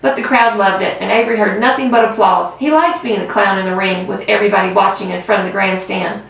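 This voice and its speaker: A woman who hosts a reading channel, reading a children's book aloud with gentle storytelling. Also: medium pitch, steady tone, fast talker, gravelly. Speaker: reader. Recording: roomy, far from mic.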